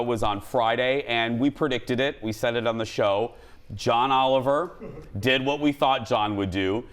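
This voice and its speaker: A man hosting a talk show, chatting and joking with his co-host. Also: mid-range voice. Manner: animated, jokey, quick to laugh. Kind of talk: lively studio chat.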